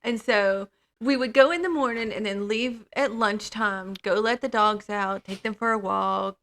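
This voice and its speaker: A woman's voice: mid-range voice, moderate pace, fairly bright tone. A middle-aged woman co-hosting a casual chat, chiming in and adding details to the story. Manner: chimes in, adds details. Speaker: co-host.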